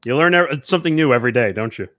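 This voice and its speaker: A man's voice: mid-range voice, lively intonation, very fast, a bit bright. A man hosting a casual show chat, steering topics with joking asides. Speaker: host.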